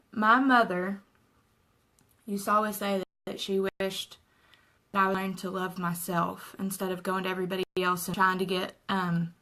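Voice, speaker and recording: A young woman talks through her makeup routine in a chatty, earnest way. Her voice is bright and forward, with a lot of vocal fry at the ends of phrases. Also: mid-range voice, poor audio. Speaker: makeup vlogger. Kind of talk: casual makeup tutorial chat. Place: at home.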